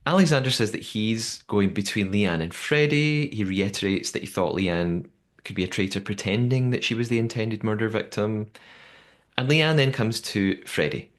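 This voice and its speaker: A man's voice: fairly low pitch, moderate pace. Man animatedly recapping on a podcast. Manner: animated storytelling recap, quoting people as he goes. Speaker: podcast host.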